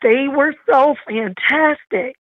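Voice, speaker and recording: A woman's voice: high-pitched, slow, no room sound. A woman guest in a podcast interview, heartfelt, grateful and emotional, over a dull lo-fi remote line. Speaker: interview guest, kidney donor.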